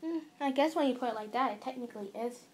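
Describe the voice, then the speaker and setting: A woman voicing a polite, gentle young man in a fan-fiction audio story. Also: on the high side, fast talker, lightly acted. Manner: gentle and courteous. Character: polite, soft-spoken young man, a boyfriend figure.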